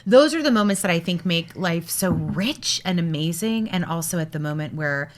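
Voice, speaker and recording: A woman's voice: on the low side, lively intonation, moderate pace, slight background noise. A woman hosting a podcast, reacting with enthusiasm and asking questions in a casual chat. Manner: warmly reactive, asks questions. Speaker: podcast host.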